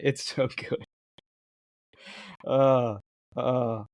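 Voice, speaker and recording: An excited man co-hosting a book podcast, chatting casually and laughing often. His voice is mid-pitched and sounds dry and close, with no room echo. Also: normal speed. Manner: enthusiastic, laughs often, reads quotes aloud. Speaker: podcast co-host.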